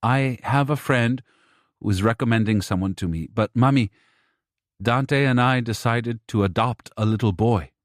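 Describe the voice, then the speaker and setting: A man's voice: mid-range voice, moderate pace, no echo, clean studio sound, natural voice. A man voicing an anxious young wife and mother whose first language is Spanish, speaking earnestly in an audiobook.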